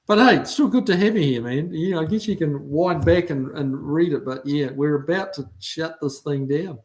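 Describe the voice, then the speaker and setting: A middle-aged New Zealander with a Kiwi accent hosts a livestream, casually chatting as he reads out viewer comments. His voice is on the high side at a normal speed, and he's laid-back, saying "um" often.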